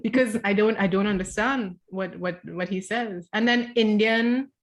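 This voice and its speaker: A woman's voice: mid-range voice, normal speed. Trinidadian woman author chatting. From South Trinidad. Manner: animated, with frequent restarts and repeated words. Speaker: author guest. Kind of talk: casual conversation.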